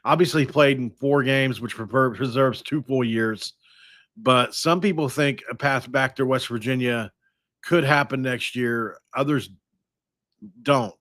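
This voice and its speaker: A man hosting a sports podcast, talking casually and thinking out loud with frequent restarts. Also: medium pitch, a little slow, no echo, studio quality. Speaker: podcast host.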